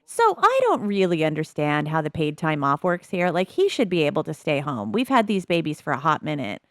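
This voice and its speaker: A woman's voice: low voice, huge pitch swings, fairly quick, dry recording, clean studio sound. A woman giving casual, amused commentary on her life-sim game as a video host. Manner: chatty, amused, narrates the characters' thoughts.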